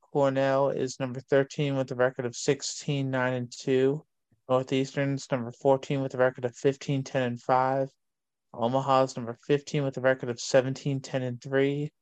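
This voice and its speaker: A man, hosting a casual sports show and reading long lists of college rankings in a steady way. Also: mid-range voice, clear, resonant tone, no room sound.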